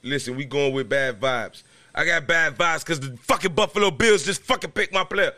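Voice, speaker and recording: A man's voice: a little high, normal speed, bright, forceful tone, dry recording. A man hosting a casual podcast from a room at home, ranting in an agitated, repetitive way and raising his voice at times. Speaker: podcast host.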